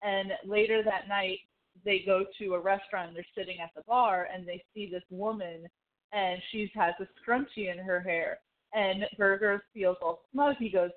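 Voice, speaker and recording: A woman co-hosting a casual chat, telling a long story in a rambling, animated way full of "like". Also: medium pitch, moderate pace. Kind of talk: casual chat recapping a TV show. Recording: phone-like narrow sound.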